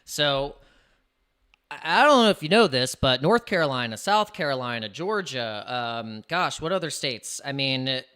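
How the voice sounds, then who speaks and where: A man's voice: medium pitch, expressive, a little slow, sharp tone, clean tone. A man hosting a casual crypto livestream, chatty and rambling, hyping up his viewers.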